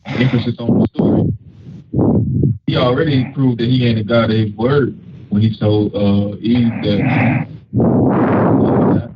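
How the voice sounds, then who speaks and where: A man's voice: medium pitch, flat delivery, slow, pauses often. A man co-hosting a podcast, talking in a blunt, dismissive way in casual chat. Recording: dull, with loud noise behind.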